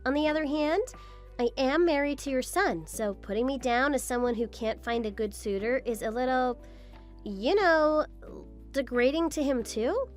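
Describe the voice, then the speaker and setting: A woman's voice: sits high, lively intonation, normal speed, soft background music. A woman voicing a patient, apologetic young daughter-in-law in a scripted story drama. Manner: apologetic, polite, gently defensive.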